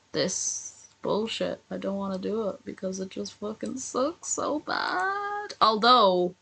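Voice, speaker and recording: A woman's voice: medium pitch, creaky, sharp tone, breathy edge, rough recording. A woman streamer reacting live to a video, sarcastic and swearing constantly in casual commentary.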